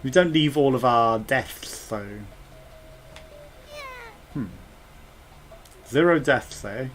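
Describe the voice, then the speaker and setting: A man's voice: medium pitch, takes it slowly, a bit bright, a little hiss or hum. A man giving casual gameplay commentary as a let's play gamer, chatty and thinking aloud with muttered asides.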